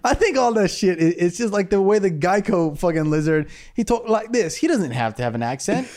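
A man's voice: high voice, expressive, brisk, a little mellow. Young male podcast co-host, raised voice, loose profane banter. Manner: rambling, joking, profane. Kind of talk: casual chat.

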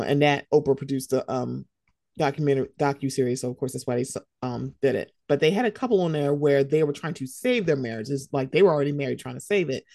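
A woman co-hosting a casual conversation podcast, talking in an animated way and acting out quoted reactions with big jumps in pitch. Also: dry recording, clean studio sound. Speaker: podcast co-host.

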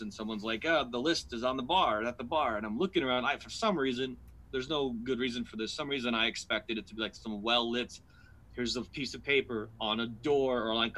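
A guest comedian on a podcast rambles through a personal story in casual chat, restarting often, using plenty of fillers and acting out lines he once said. His voice is mid-range, and the audio quality is poor.

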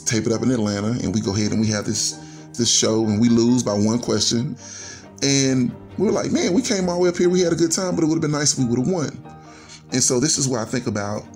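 A man's voice: fairly low pitch, vocal fry, darkish tone. A man in his forties earnestly telling a personal story in a conversational way, acting out bits of dialogue. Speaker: guest storyteller.

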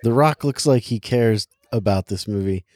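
A man co-hosting a podcast, making wry, quick quips in a casual chat about a movie. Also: fairly low pitch, a little mellow, dry recording, clean studio sound. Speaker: podcast co-host.

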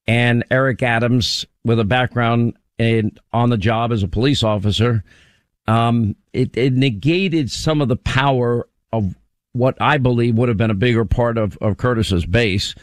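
A male talk radio host with an upbeat, conversational delivery, his voice sitting at an ordinary middle pitch. The studio sound is dry and close, with no room around it. He chats easily and laughs often. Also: unhurried, no echo. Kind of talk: casual talk radio banter.

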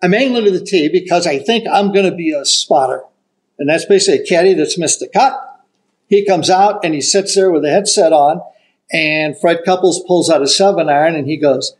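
Older male raconteur, high-pitched, lively anecdotal delivery. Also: brisk, low-quality recording. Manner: animated raconteur, acts out quotes. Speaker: golf broadcaster telling a story. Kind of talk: casual storytelling.

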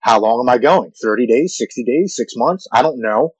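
A man in his forties telling a deeply personal story in an earnest, halting way, often repeating words when moved. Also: expressive, slightly rough, no echo, rough recording. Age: 40s.

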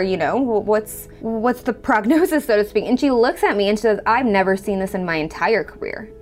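A woman telling her own story in a conversational way, acting out the dialogue she quotes. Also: medium pitch. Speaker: storyteller guest. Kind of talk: personal storytelling.

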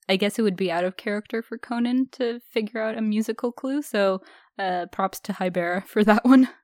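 A woman's voice: medium pitch, a little mellow, dry recording. Giggly woman in dry casual chat. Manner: chatty, giggly, lots of fillers. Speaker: podcast co-host.

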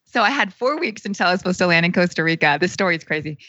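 A woman's voice: on the low side, animated, rapid-fire, sharp tone, dry recording, muffled recording. A woman in her thirties, a podcast guest, telling a personal story in a chatty, casual way with lots of fillers. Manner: chatty, heavy use of "like", acts out quoted speech.

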